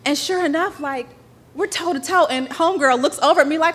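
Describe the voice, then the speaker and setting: A woman telling a personal story live on stage before an audience, animated and laughing as she acts out dialogue. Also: high-pitched, fairly quick, noisy background.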